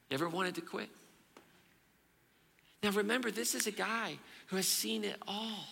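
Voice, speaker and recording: A male pastor preaches in an animated storytelling style, dropping suddenly to a hush. His voice is deeply gravelly and very bright. A long hall reverb trails his words. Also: moderate pace, long pauses. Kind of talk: sermon.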